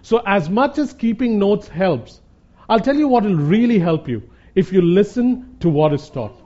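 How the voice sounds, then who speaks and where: Preaching as a Bible teacher, a man with a high, mellow voice gives an earnest, conversational sermon, circling back to drive home each point and calling the audience "guys." He is expressive and keeps a moderate pace. The audio is dull and lo-fi.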